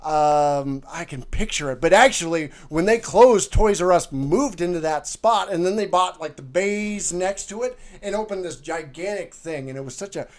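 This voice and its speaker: A man's voice: high-pitched, moderate pace, few pauses. A man co-hosting a podcast in casual, comedic chat, rambling along with many fillers and jokes. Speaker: podcast co-host.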